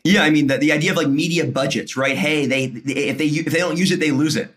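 Fast-talking man explaining business. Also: a little high, steady tone, a bit bright. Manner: talks fast, leans on "right?" and "like". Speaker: podcast guest, media company founder. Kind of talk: casual business chat.

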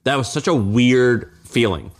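A man co-hosting a podcast in casual business chat, animated and cussing, his voice jumping up when he tells a story. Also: medium pitch, unhurried. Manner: animated, swears freely, voice jumps up when telling stories. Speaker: podcast co-host.

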